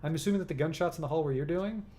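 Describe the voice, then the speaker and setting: A man's voice: on the high side, racing, dark tone, a little hiss or hum, voice pushed up, lightly acted. A man reading aloud the lines of a small, defensive male hacker. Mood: indignant. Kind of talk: reading game dialogue aloud.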